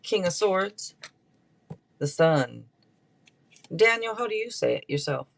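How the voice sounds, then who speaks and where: A woman's voice: lowish voice, big pitch swings, slow, vocal fry, a little hiss or hum. A woman hosting a live tarot stream, chatting casually and rambling through card meanings. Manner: chatty and rambling, with many restarts.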